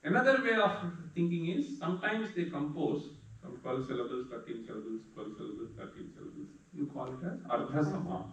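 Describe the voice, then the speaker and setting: A man teaching a class, explaining patiently step by step and chanting verses slowly. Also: fairly high pitch, animated. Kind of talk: lecture on Sanskrit meter. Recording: echoey room, distant mic.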